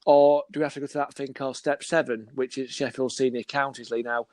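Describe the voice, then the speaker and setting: In a dry recording, a mid-range, fast-talking man chats casually as a podcast guest who works as a football scout. He's an animated storyteller who acts out dialogue within his tales.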